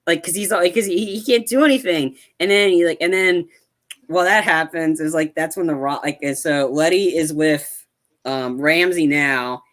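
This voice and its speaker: A man co-hosting a podcast, excitedly recapping film scenes with lots of fillers and acted-out quotes. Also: fairly high pitch, moderate pace. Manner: animated retelling, acts out quotes, lots of fillers. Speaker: podcast co-host. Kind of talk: casual movie review chat.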